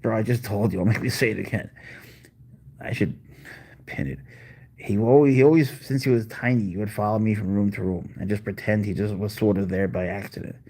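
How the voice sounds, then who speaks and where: Gravelly low-voiced man chatting on stream. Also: fairly even intonation, brisk, warm tone. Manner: rambling, answers viewer chat. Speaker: pet owner hosting a live stream. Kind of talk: casual live-stream chat.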